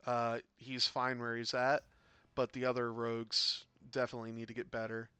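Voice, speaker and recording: Man, game caster, bright clear voice, rambling chatty delivery with loud bursts, faint music underneath. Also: medium pitch, monotone, normal speed, no room sound. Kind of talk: casual game commentary.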